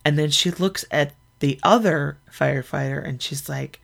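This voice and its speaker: Chatty woman podcaster with vocal fry. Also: sits low, normal speed. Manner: chatty, animated storytelling. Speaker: podcast host. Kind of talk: casual solo podcast chat.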